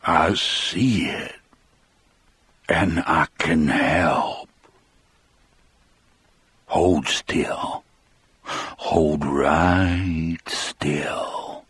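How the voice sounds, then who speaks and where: Man doing a gentle giant of a prisoner, Southern accent, soft-spoken, humble, very deep, slow and husky, storybook reading. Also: no room sound, full character voice. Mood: quiet resolve. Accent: American Southern. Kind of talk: audiobook character voice.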